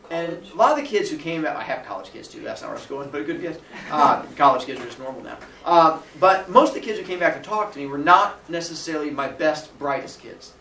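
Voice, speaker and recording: A man, a teacher, telling a personal story on a casual podcast, acting out dialogue with big jumps in pitch and breaking into laughs. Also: a bit bright. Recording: roomy sound from a distant mic with faint noise.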